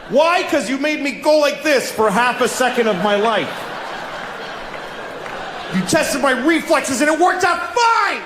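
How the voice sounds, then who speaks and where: A man performing a stand-up comedy routine for a live audience, exasperated, swinging from a low mutter to yelled punchlines. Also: very animated, measured pace, crowd noise, background noise. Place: large hall with live audience. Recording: roomy live hall, audience laughter.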